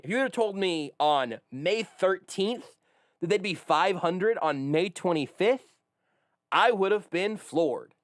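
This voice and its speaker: A male sports radio host talks with a wry, joking energy. His pitch swings widely and sits a little high for a man. The studio sound is close and dry. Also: dry recording. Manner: animated, wry, leads the conversation. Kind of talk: casual sports radio banter.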